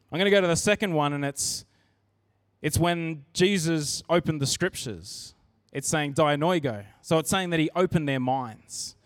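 Guy preaching at church, kinda high voice, dry close sound, chatty and earnest, restarts a lot. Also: dry recording. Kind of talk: sermon.

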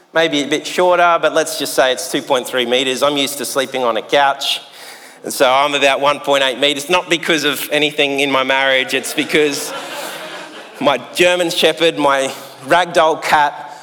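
A man's voice: fairly high pitch, fairly even intonation, sharp tone. Man, pastor, sermon, easygoing, humorous, ringing church-hall echo. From Australia. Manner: conversational and jokey, with long pauses. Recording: echoey hall sound.

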